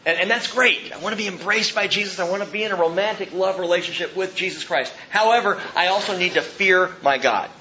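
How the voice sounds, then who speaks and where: A man's voice: sits high, fast, hardly any pauses, bright, forceful tone, slight background noise. A pastor preaching a sermon to his congregation, earnest and exhorting, laughing at himself now and then. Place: church sanctuary. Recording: dull lo-fi sermon recording.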